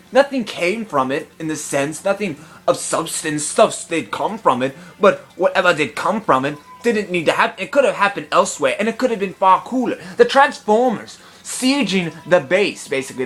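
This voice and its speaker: A man giving a comedic film review in a pompous, affected gentlemanly put-on voice, indignant and long-winded. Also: on the high side. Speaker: movie reviewer.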